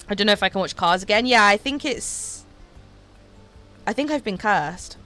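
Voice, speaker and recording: A woman's voice: medium pitch, animated, normal speed, pauses often, bright, forceful tone, faint music behind. A woman streaming a game, chatting casually with viewers, giggling often and filling her talk with "um" and "like.". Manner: chatty, giggly, many fillers like "um" and "like". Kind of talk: casual livestream chat while gaming.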